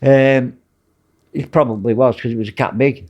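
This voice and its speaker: A man's voice: medium pitch, steady tone, normal speed, muffled recording. Man, Mancunian accent, casual storytelling, blunt, rambling, says "mate" a lot. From Manchester, England. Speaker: guest, former prison officer.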